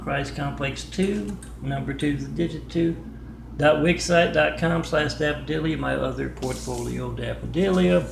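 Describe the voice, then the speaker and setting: A man's voice: on the high side, moderate pace, creaky, noisy background. A man talking casually on his art vlog, rambling between stories and repeatedly spelling out his web addresses. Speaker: artist vlogger.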